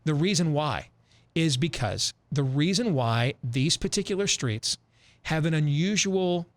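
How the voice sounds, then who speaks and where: Emphatic, animated male talk host. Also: fairly high pitch, measured pace. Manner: emphatic, animated storytelling with repetitions. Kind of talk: opinionated radio talk.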